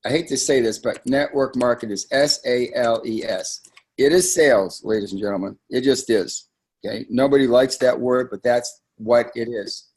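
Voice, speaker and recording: A man with a husky, slightly breathy voice leads a sales training webinar. His delivery is conversational and emphatic, and he drifts into frequent asides as he coaches his team. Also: medium pitch, normal speed, darkish tone.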